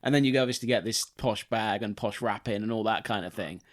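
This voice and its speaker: A man, co-hosting a casual podcast chat, telling a story in an animated, mocking way and swearing freely. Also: lowish voice, fast. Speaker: podcast co-host.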